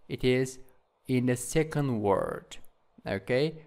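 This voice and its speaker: A man's voice: mid-range voice, takes it slowly, a little mellow, clear, resonant tone. A male English teacher running a vocabulary lesson, repeating each word several times and checking "okay?" as he drills. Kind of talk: classroom vocabulary tutorial.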